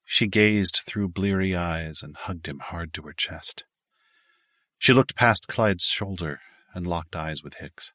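A man's voice: low voice, measured pace, bright, forceful tone, no echo, studio quality. A man reading a story aloud as an audiobook narrator, lightly varying his voice for the characters' dialogue. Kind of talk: scripted narration.

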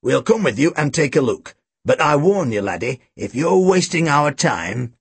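A man voicing a gruff, heavyset middle-aged police chief who mutters and rasps with weary sternness. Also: fairly high pitch, big pitch swings, normal speed, dry recording, exaggerated voice. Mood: stern. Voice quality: rasping, muttering. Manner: tired, stern, exasperated.

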